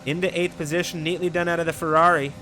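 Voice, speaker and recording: A man commentating a sim-racing league race, building to near-yelling in close battles. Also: fairly high pitch, level tone, fast talker, slight background noise. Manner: rises to loud half-yelling in battles. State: catching his breath.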